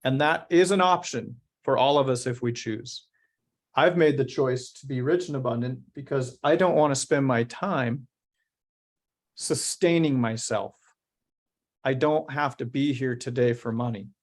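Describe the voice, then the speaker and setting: Guy founder talking up his business in an interview, earnest and motivational, slows down on the big points. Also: medium pitch. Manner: earnest, motivational, slows to stress key words. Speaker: company founder and CEO. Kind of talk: interview answers.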